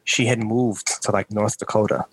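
A man's voice: fairly low pitch, fairly even intonation, moderate pace, a crowd in the background. A man telling a rambling story in casual chat on a podcast video call, with many fillers. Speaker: podcast co-host.

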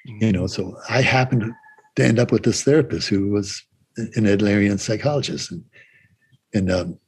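Husky-voiced man telling a story. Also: lowish voice, a little mellow. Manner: halting, with restarts and frequent swearing. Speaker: interview guest. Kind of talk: casual storytelling in conversation.

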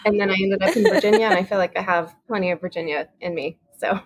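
Husky-voiced woman from Texas telling a story. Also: medium pitch, quick pace. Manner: chatty storyteller, laughs often. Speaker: guest. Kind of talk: casual chat.

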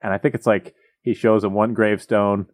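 A man's voice: on the low side, little pitch movement, a little fast. A man telling a story in casual, joking podcast chat, rambling with comic asides.

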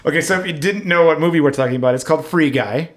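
A man co-hosting a casual talk show, relaxed and hesitant, laughing easily as he talks. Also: a little high, rapid-fire. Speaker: podcast co-host. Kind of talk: casual chat.

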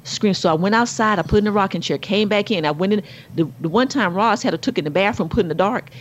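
Co-host: middle-aged woman, animated storyteller, muffled lo-fi sound. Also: fast, a little hiss or hum. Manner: animated storyteller, rises to high exclaims. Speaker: podcast co-host. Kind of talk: casual chat.

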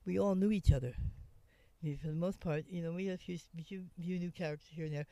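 Interviewee: woman, gravelly and mellow, rambling storyteller with restarts. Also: fairly low pitch, fairly even intonation, quick pace, dry recording. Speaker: interviewee, former homeless camp resident. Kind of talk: conversational storytelling.

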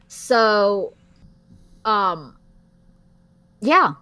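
A woman's voice: medium pitch, sing-song, very slow, sharp tone. A woman from Virginia with a Southern accent, answering interview questions in a chatty, hesitant way with many fillers. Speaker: guest, actress. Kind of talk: casual interview chat.

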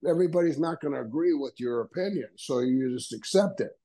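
A man's voice: a little high, quick pace, dark tone, rough recording. An older man, a guest on an interview podcast, telling stories casually and acting out quoted dialogue with frequent laughs. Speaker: guest, retired wrestler.

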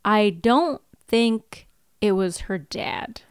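A woman's voice: medium pitch, animated, extremely slow, clean tone, dry recording, studio quality. A woman co-hosting a podcast, chatting animatedly and casually swearing as she shares theories about a TV show. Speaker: podcast co-host.

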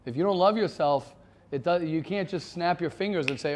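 A man's voice: a little high, moderate pace, a little mellow, slight background noise. A man, teaching an informal Torah class in an earnest, emphatic way, repeating his points.

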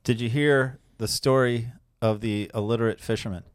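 A man with a medium-pitched voice hosts a casual podcast, joking and keeping the chat moving. His voice sounds close and dry, with no room echo. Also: fairly even intonation, moderate pace, smooth. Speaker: podcast host.

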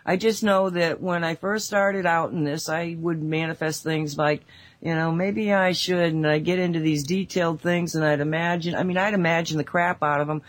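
Rambling, animated talk show woman. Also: low-pitched, normal speed. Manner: rambling, animated storytelling with frequent asides. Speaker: radio show co-host. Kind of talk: casual spiritual talk show discussion.

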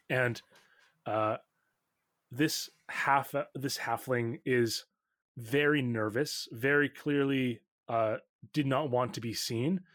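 Male game master, unhurried, lots of "uh" and "um", dead-dry mic. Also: mid-range voice, no echo. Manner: relaxed, halting narration with many fillers. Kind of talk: narrating a tabletop game.

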